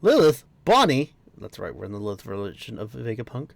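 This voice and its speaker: A man's voice: medium pitch, big pitch swings, brisk, vocal fry, few pauses, no room sound. Tired young man reacting casually. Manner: casual, swears, laughs, easily sidetracked. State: tired after work. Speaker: manga reader and reactor. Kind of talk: casual read-along reaction. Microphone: dry home mic.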